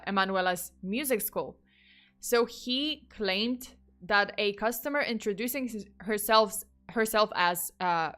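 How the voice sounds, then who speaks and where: A woman's voice: medium pitch, fairly bright tone, clear, resonant tone. A woman telling a true crime case in a casual, chatty way, drifting into asides and frustrated outbursts.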